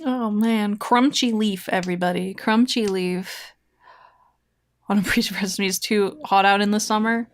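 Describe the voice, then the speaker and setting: A woman's voice: mid-range voice, steady tone, moderate pace. A woman streamer chatting casually with her viewers, giggling often and rambling between silly mouth sound effects.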